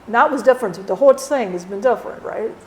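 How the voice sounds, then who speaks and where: A woman's voice: fairly high pitch, fast, darkish tone, a little hiss or hum, close to an everyday voice. A woman channeling the spirit of a dead man, who rambles bluntly, swears and keeps saying "you know". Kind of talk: channeling session.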